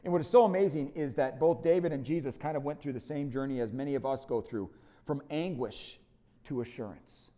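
A man serving as lead pastor preaches a sermon built around a story, stressing key points and slowing into quiet, reflective moments. His voice sits in the mid-range.

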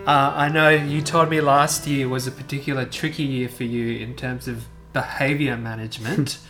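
A man interviewing a teacher, asking calm, prompting questions. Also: medium pitch, normal speed, soft background music.

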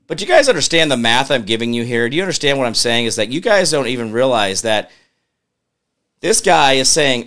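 A man's medium-pitched, fairly bright voice is very animated and a little fast as he hosts a political commentary show. He rants with exasperation, throws questions at the audience, and mutters to himself while using a computer.

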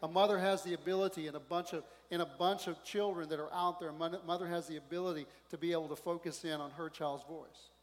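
A male pastor preaching a sermon in a conversational, animated way, often asking the congregation questions. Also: on the high side, fast, few pauses. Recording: long hall reverb.

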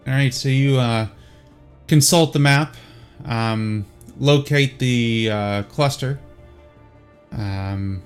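A man with a mid-range voice and a Southern US accent narrates as a game master, relaxed and easygoing, pausing frequently.

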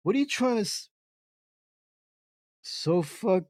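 Slow, laughing male radio host. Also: on the high side, warm tone, dry recording, clean studio sound. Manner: slow, halting reading, bursts of laughter. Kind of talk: casual live-stream chat, reading chat messages aloud.

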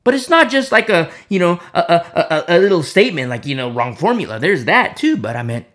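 A preacher telling stories in an impassioned sermon, swinging between loud outbursts and hushed near-whispers and repeating phrases for emphasis. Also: medium pitch, sing-song, a little fast.

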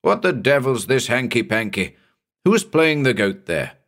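A man voicing a gruff middle-aged ship's mate who talks bluntly like a seaman. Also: medium pitch, very animated, measured pace, fairly bright tone, voice pushed up. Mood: irritated.

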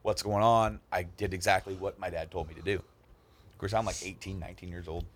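Man, casual storyteller, low-ish voice, animated, acts out the people in his story, stumbles and repeats. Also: a little fast, slight background noise. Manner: repeats words and restarts a lot. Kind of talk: casual storytelling among friends.

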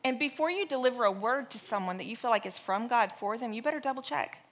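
Woman preacher, 30s, bright slightly high voice, animated storyteller. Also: quick pace. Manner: storytelling with animated, exaggerated re-enactments. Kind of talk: sermon.

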